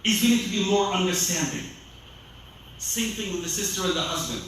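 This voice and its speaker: A man preaching a sermon as an imam, animated, acting out scolding voices of other people. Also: high-pitched, a little fast, far from the mic, slight background noise. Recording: echoey hall, voice from off-mic.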